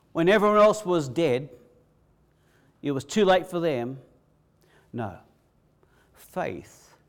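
A male pastor, preaching a sermon with emphatic repetition, swinging between loud bursts and quiet hushes. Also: a little high. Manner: preaching with rising, emphatic repetition and sudden drops to a hush.

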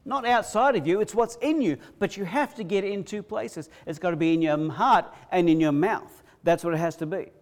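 A male pastor, preaching a sermon with emphatic repetition, swinging between loud bursts and quiet hushes. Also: high-pitched, brisk, hardly any pauses. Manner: preaching with rising, emphatic repetition and sudden drops to a hush.

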